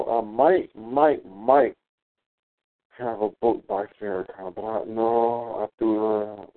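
A man talking casually on a radio show, rambling and profane, often hunting for his words. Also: fairly low pitch. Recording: tinny phone line.

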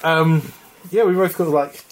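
A man's voice: a little high, steady tone, unhurried. A man co-hosting a casual podcast chat from home, talking loosely and laughing often as he goes. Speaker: podcast co-host. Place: flat at home.

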